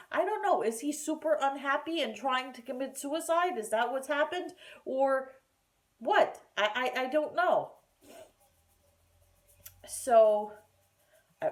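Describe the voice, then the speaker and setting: A woman telling a story in a casual home vlog, chatty and animated, with plenty of fillers and restarts. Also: on the high side. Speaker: vlogger. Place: at home by a kitchen counter.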